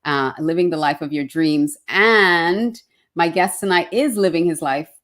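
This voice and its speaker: A woman's voice: on the low side, unhurried, a bit bright. A woman hosting an online interview show, effusive and fumbling over her words, with many fillers. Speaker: show host.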